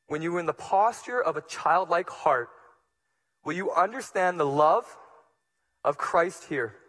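Male pastor preaching with swelling intensity. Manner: swings from hushed and low to loud and emphatic. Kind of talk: sermon.

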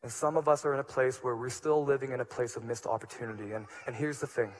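A man preaching a sermon as pastor, moving between hushed, low passages and loud, emphatic ones. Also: steady tone, fast.

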